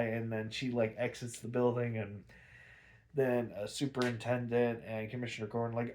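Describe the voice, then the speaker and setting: A man's voice: medium pitch, normal speed, a little mellow. A man hosting a podcast, casually reviewing a TV episode in a rambling way, with many fillers and restarts and casual swearing. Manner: quotes characters in a raised voice.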